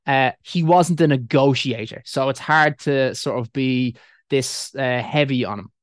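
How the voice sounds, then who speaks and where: A man's voice: medium pitch, measured pace, dry recording, clean studio sound. A man with an Irish accent in casual chat, rambling with many fillers and restarts and swearing freely.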